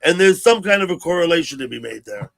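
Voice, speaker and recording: Man in his sixties, livestream host, gravelly, fairly high voice, rambling casual chat. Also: expressive, quick pace. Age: 60s. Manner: rambling, thinks out loud.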